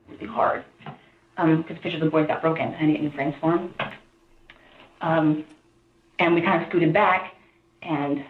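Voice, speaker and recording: A woman telling an interviewer what happened in a rambling way, acting out what people said. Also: low-pitched. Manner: rambling retelling, acts out quotes. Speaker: interviewee recounting events. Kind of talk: recorded interview account. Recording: echoey, tinny archival interview audio.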